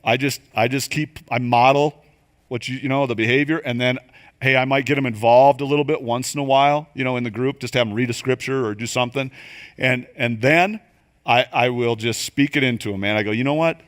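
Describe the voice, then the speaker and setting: An older man teaches a room of church group leaders in a loose, conversational way. He is animated and keeps slipping into quick acted voices and asides to make his points. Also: mid-range voice. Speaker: leadership coach. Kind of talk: church training talk. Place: church venue.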